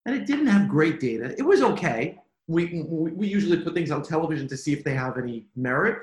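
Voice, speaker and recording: A man with a fairly high voice tells business stories in an interview. He is animated, repeats words and laughs easily. His voice rings in an echoey room. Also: quick pace. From United States. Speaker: toy company executive. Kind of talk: conversational interview.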